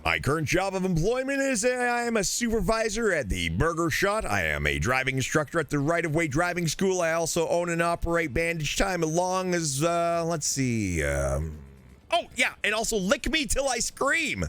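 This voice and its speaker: A man's voice: fairly high pitch, very animated, normal speed, a bit bright. A man playing an eager, overpolite thirtysomething guy. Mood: earnest. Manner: deferential, keeps calling others sir. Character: eager, overly polite man in his mid-thirties. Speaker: role-play streamer. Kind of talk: game role-play.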